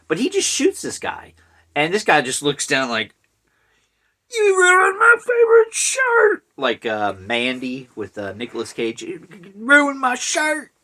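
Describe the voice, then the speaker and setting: A man recapping a bad horror movie for his channel in a loose, rambling way, dotted with fillers and quick asides. His voice is bright and sits at an ordinary pitch, and he chuckles at his own jokes. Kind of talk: casual movie recap vlog.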